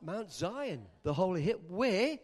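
High-voiced preacher man, animated. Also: slow. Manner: animated, bursts into shouting. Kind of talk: sermon.

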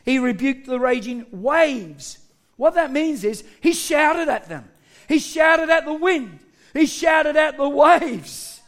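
Middle-aged male pastor, slow animated sermon, gravelly texture, punches lines with shouts. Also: extremely high pitch. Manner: animated, joking, shouted emphasis.

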